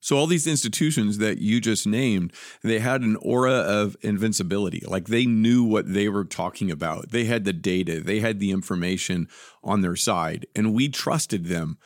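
A man's voice: on the low side, normal speed, no echo. A man co-hosting a podcast, talking through ideas in a conversational way with dry, wry asides. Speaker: podcast co-host. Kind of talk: conversational discussion.

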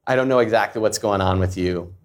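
A man's voice: lowish voice, fast talker. Earnest man telling a candid story. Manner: earnest, confessional, acts out quoted voices. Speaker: founder and CEO, guest.

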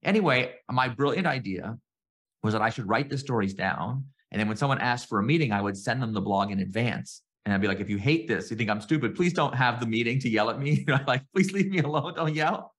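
A middle-aged man chatting as a podcast guest, his voice sitting a touch low. He tells stories with energy and acts out quoted lines with a sharp lift in pitch. The delivery is casual and conversational. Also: vocal fry. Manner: animated storyteller, acts out quoted exchanges in a raised voice. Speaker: guest, entrepreneur and author.

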